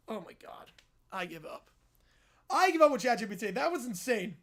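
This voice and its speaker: A man hosting a live stream, reacting with loud disbelief and laughter. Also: very high voice, big pitch swings, moderate pace.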